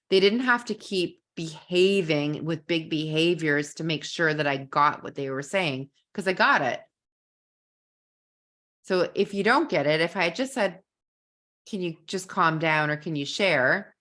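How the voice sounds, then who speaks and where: Earnest kindergarten teacher telling a story. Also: female voice, deep voice, fairly bright tone. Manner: earnest, storytelling, repeats words while thinking. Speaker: kindergarten teacher presenting a parenting masterclass. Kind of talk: live online masterclass storytelling.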